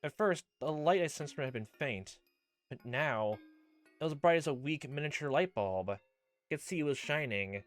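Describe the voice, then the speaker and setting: A man's voice: on the high side, expressive, normal speed, soft background music. Rambling young man playing a game. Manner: rambling, lots of fillers and exclamations. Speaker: let's play host. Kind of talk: casual game commentary and reading.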